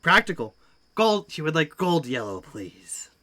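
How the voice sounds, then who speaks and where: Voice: medium pitch, very animated, measured pace, sharp tone. Dry, polite tabletop game player. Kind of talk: casual tabletop game talk.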